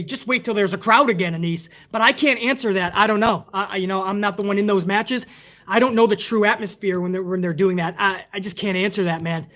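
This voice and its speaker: This wrestling podcast host, an American man, runs a casual livestream in a high, bright, forceful voice. He rambles and rants with heat and plenty of profanity while reading out donations.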